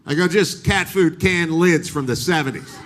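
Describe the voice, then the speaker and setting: A man's voice: on the high side, normal speed, heavy background noise. A middle-aged man doing a stand-up comedy set on stage, telling a story with acted-out voices. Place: live comedy stage with audience.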